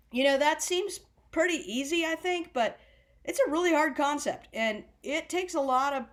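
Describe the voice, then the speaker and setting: A woman teaching a drum class, chatting loosely and chanting rhythm words slowly in time. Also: high-pitched. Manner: chatty, rambling explanations. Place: senior center class room.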